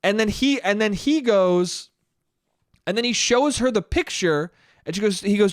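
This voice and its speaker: A man hosting a solo podcast, retelling a story in a casual, profane and animated way. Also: high voice, unhurried, dry recording, clean studio sound. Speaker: podcast host.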